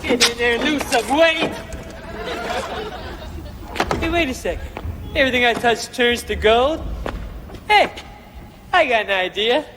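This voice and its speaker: A man playing an arrogant, abusive young rock star who swaggers and shouts insults, in a sketch comedy. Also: very high voice, expressive, measured pace, long pauses, a faint crowd, a little hiss or hum, exaggerated voice. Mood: bullying. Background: audience laughter.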